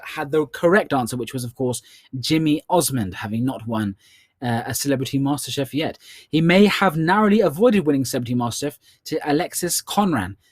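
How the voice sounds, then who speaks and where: A man's voice: on the high side, no room sound, clean studio sound. A man with a British accent hosting a live online charity quiz, upbeat and full of playful ad-libbed asides. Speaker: quiz host.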